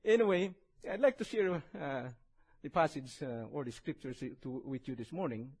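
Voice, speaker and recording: Husky-voiced Indonesian-accented man preaching. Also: a little high, a little mellow, rough recording. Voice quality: husky, heavily accented English. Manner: chatty and self-deprecating, reads scripture slowly. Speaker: visiting preacher. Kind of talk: sermon. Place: church.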